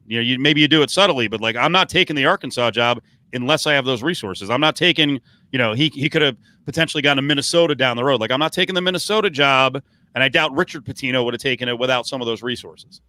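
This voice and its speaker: Bright, dry-voiced man rambling casually. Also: mid-range voice, quick pace, no room sound. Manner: rambling, profane, many restarts and fillers. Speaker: podcast co-host. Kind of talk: casual sports talk.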